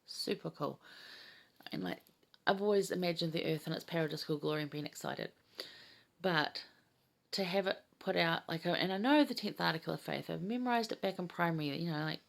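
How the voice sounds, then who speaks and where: A woman in her fifties with a low, gravelly voice, talking through scripture in a chatty, enthusiastic way. She sounds heartfelt and warm toward her listeners, as if teaching a small study group. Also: expressive, fairly quick. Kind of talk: casual gospel study chat.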